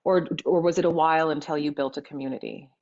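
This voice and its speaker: A woman's voice: deep voice, fairly even intonation, fast talker, darkish tone. A woman hosting a podcast, asking questions hesitantly and restarting them. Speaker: podcast host. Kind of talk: interviewing. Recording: slightly dull lo-fi audio.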